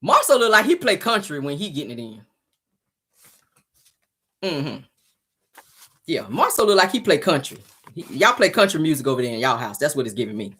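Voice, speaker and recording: A woman's voice: low-pitched, very animated, moderate pace, pauses often, fairly bright tone, slightly rough. A woman hosting a casual celebrity gossip show, sassy and teasing, laughing often as she reacts to viewer comments. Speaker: show host.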